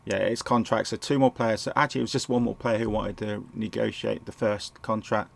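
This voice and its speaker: A man with a sore throat and a croaky voice, rambling and correcting himself as he casually talks through a management game at home. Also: on the low side, steady tone, a little fast. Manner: rambling, self-correcting, chuckles often. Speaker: gameplay commentator. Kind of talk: casual game walkthrough commentary. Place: home, indoors.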